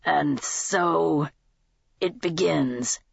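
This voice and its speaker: A woman voicing a crusty, scheming old man of seventy-nine with a raspy, barking voice. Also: medium pitch, animated, measured pace, a bit bright, lo-fi sound, exaggerated voice. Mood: gruff. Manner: barking, demanding.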